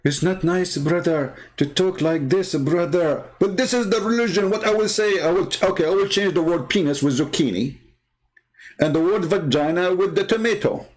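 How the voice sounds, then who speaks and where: A man's voice: moderate pace, close to an everyday voice. A man putting on a whiny voice to mock a prissy male chat viewer. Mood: mocking whine. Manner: mocking, high and nagging.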